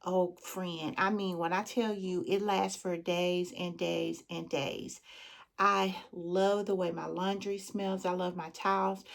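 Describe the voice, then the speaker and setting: A woman's voice: fairly low pitch, little pitch movement, takes it slowly, vocal fry. A woman with a Southern US accent, chatting casually with her viewers as a beauty vlogger and calling them friend and girl. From Southern United States. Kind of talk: casual chat.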